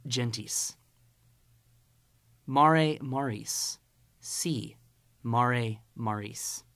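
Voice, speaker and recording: A man teaching a recorded Latin lesson, reciting words slowly and pausing so listeners can repeat after him. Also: mid-range voice, fairly bright tone, no room sound, studio quality. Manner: slow, deliberate recitation with pauses for repeating.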